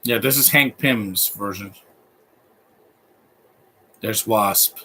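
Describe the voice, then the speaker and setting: A man's voice: fairly low pitch, very slow, bright, forceful tone, a little hiss or hum. A man in his thirties giving live movie commentary, opinionated and rambling, often restarting his sentences.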